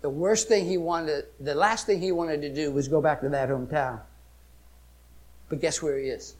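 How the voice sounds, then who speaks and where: Emphatic male preacher with a high voice, shifting between loud outbursts and quiet storytelling. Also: moderate pace. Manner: emphatic, swings from loud exclamations to hushed storytelling. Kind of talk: sermon.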